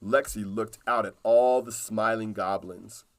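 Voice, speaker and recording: A man reading a children's storybook aloud in a calm, unhurried way. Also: lowish voice.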